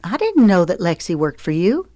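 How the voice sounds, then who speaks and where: A woman's voice: fairly low pitch, big pitch swings, normal speed, darkish tone, no echo. A woman reading the part of a frank, coaxing middle-aged mother in an audiobook, in a dry recording.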